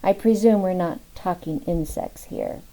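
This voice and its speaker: A woman's voice: fairly low pitch, a little slow, mellow, low-quality recording. A woman voicing a dry, wry FBI agent in an audiobook.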